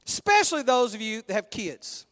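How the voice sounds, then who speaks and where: A man with a Texan accent preaching a conversational, animated sermon in a large church auditorium, acting out voices as he goes. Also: very high-pitched, moderate pace. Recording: long hall reverb.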